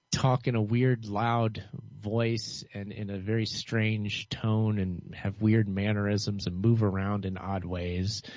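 A man talking alone to camera in a cynical, rambling way, with a dull monotone voice and lots of fillers and restarts. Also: on the low side, dry recording. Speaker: vlogger. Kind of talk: rambling solo commentary. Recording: dull lo-fi dry recording.

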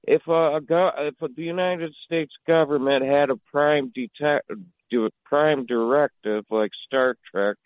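A man's voice: on the high side, unhurried, clear, resonant tone, dry recording. A man calling in to a talk stream, arguing insistently and talking over the host. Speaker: caller. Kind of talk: heated political call-in argument. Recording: tinny phone line.

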